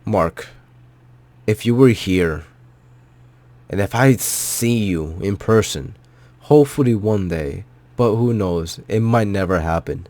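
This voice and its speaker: Emotional male vlogger, near tears, low dry voice, earnest and repetitive. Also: slow, darkish tone, no echo. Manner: heartfelt, repetitive, swearing. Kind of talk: emotional personal movie reaction.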